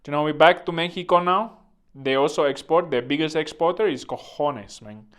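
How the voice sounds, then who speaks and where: A man's voice: on the high side, a little fast, fairly bright tone. A man hosting a vlog with rambling comedic commentary, joking and digressing, full of fillers. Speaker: vlog host.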